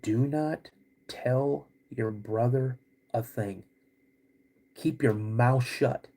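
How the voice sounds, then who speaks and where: A man voicing an irritated father who curtly hushes his son. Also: medium pitch, measured pace. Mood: stern. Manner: curt, scolding.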